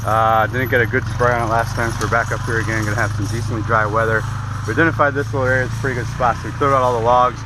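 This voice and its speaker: A man's voice: mid-range voice, flat delivery, rapid-fire. A man hosting an outdoor hunting vlog, talking in a plain-spoken, easygoing and self-deprecating way. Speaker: hunting show host. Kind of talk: casual outdoor vlog narration. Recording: clear road and outdoor noise.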